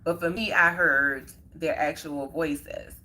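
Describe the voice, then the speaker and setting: Woman, crisp bright tone, a bit low-pitched, casual earnest storytelling, live stream host. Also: fairly even intonation, slow, slight background noise. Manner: earnest, conversational, many fillers. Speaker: livestream host.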